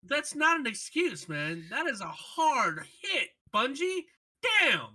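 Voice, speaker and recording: Male co-host, bright tense tone, emphatic, casual chat and read-alouds. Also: extremely high pitch, very animated, takes it slowly. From United States. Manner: emphatic, exasperated outbursts. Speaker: podcast co-host. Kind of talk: casual gaming podcast chat and reading patch notes aloud.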